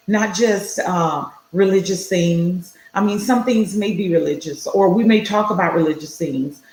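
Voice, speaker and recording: A woman's voice: fairly low pitch, darkish tone. A woman co-hosting a casual talk show over a video call from her home office, with an encouraging, affirming manner. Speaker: co-host. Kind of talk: casual chat. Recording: roomy echo.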